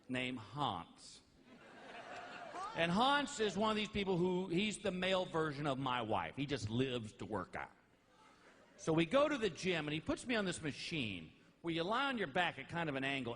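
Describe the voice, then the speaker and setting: Middle-aged guy doing standup, high voice bouncing everywhere, yells the punchlines, laughs at his own bits. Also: long reverb tail. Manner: animated, shouts punchlines and laughs mid-line. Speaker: stand-up comedian. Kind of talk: stand-up comedy.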